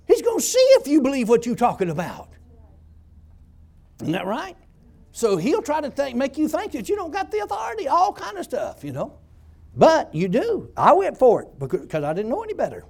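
A male pastor preaching a sermon, telling stories and building up to loud shouts. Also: extremely high pitch, wildly swooping pitch, moderate pace, vocal fry, husky.

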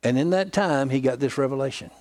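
A man's voice: medium pitch, quick pace, darkish tone. A man preaching a sermon, telling a story and retelling a friend's words, often trailing off and restarting.

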